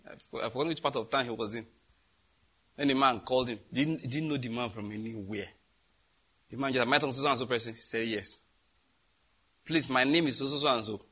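A middle-aged Nigerian man preaching, telling a lively story and acting out the voices of the people in it, laughing often. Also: mid-range voice, quick pace, pauses often, breathy edge. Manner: animated, acts out voices in anecdotes, laughs often. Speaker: pastor. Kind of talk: storytelling sermon.

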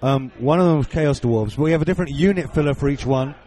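A man's voice: on the high side, fast, warm tone. A man guesting on a podcast, explaining his project in a matter-of-fact way. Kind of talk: casual chat.

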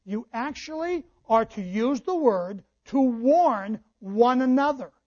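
A man's voice: very high voice, lively intonation, slow pace, darkish tone. A male pastor preaching a sermon, reading scripture aloud and explaining it to his congregation. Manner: preaching with quoted scripture and asides. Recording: dull lo-fi church recording.

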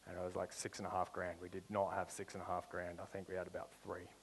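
Young guy preaching, telling his story, lowish voice, slows way down to hammer points home. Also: monotone, in a large hall, slight background noise, rough recording. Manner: storytelling with slow emphatic build-ups. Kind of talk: sermon testimony.

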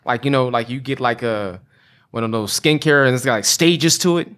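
A man chatting loosely in a group conversation, mid-pitched and relaxed. He rambles, restarts and curses freely as he argues his point. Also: normal speed. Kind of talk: casual group chat.

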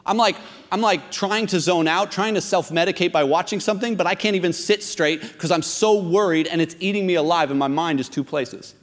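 In a church hall, a pastor in his thirties preaches a sermon, talking conversationally and then pressing his point emphatically as he rises to exhortation. His voice is high-pitched and brisk, with hardly any pauses. The recording carries the long reverb of a large hall.

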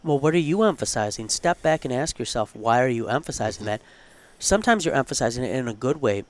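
A man's voice: mid-range voice, expressive, quick pace. Earnest conversational male podcast host. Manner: conversational, earnest, thinks aloud with asides. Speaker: podcast co-host, college theology professor. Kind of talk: casual podcast chat.

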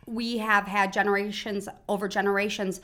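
A woman's voice: mid-range voice, flat delivery, normal speed, a bit bright. A woman hosting a casual conversation about parenting, speaking reflectively and laughing now and then. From Michigan, United States. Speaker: host.

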